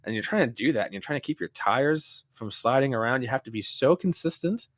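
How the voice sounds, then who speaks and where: A man co-hosting a podcast in casual chat, telling stories in an animated way with lots of restarts and fillers. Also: mid-range voice, a little fast, dry recording, studio quality. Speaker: podcast co-host.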